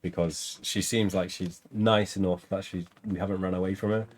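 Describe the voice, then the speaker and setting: A man's voice: low voice, steady tone, normal speed. A man reading a fantasy gamebook aloud while playing along on a livestream, casual with chatty asides. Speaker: player and reader.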